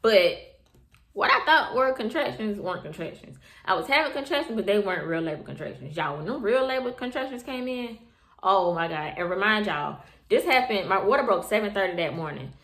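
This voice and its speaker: A woman's voice: medium pitch, animated, fairly quick, a bit bright. A young woman casually telling viewers her birth story, chatty and repetitive, often calling them y'all. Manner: chatty, repeats herself, addresses viewers as y'all. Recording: echoey room.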